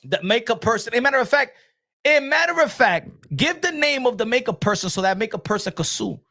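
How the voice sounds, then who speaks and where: A man hosting a boxing stream, ranting in a mocking, slangy way. His voice is high and bounces up and down. He keeps repeating his punchlines. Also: big pitch swings, fairly quick, gravelly, bright, forceful tone. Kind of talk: casual ranting commentary.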